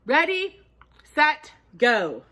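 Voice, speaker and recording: A woman with a high, bright, forceful voice reads a picture book aloud to toddlers, very animated but extremely slow. She gasps often and uses a sing-song tone to invite the children to join in, like a children's storytime reader.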